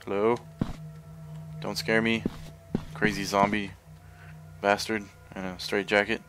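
A man's voice: lowish voice, little pitch movement, a little slow, music in the background. A man hosting a gaming channel, giving profane, jumpy commentary on a horror game and talking to his viewers.

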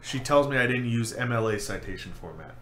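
A man's voice: mid-range voice, fairly quick. A young man co-hosting a casual podcast tells a story about his school days and throws himself into the quoted lines. His voice sits in a middle range. The room is echoey, with a faint ambient hum behind him. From New York. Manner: animated storyteller who acts out quoted lines. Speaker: podcast co-host. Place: home room.

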